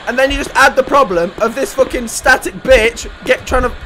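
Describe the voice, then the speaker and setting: A man's voice: extremely high pitch, a little fast, bright, forceful tone, a little hiss or hum. A young man doing panicky, swearing commentary while playing a horror game. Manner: panicky, sweary, jokey, sings and talks to himself. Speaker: gaming YouTuber. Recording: game music behind the voice. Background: game music.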